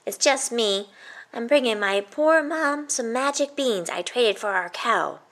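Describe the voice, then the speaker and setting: A poor young boy pleads softly, his voice pitched up high. There is a slight gravelly texture beneath it, as a woman reading a storybook puts him on. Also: animated, measured pace. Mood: meek.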